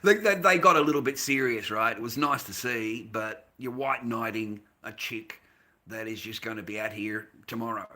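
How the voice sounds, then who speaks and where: An Australian man livestreaming, greeting chat and ranting in a rambling, heavily profane way, swinging between low mutters and loud outbursts. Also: normal speed. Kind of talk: casual ranting monologue.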